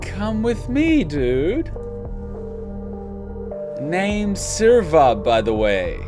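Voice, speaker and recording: A man's voice: sits high, very animated, very slow, voice pushed up, heavily acted. A man voicing a laid-back, stoned surfer-bro male alien troll in a video game, with a drawling bro manner over game music.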